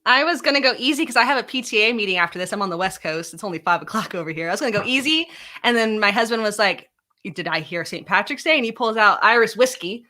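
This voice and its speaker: A woman talks quickly in a casual video chat, poking fun at herself as a nervous control freak. Her voice is bright and crisp, and her speech is rapid. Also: on the high side. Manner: fast, self-deprecating, calls herself neurotic. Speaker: guest, a parent. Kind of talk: casual chat on a virtual happy hour. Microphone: video call.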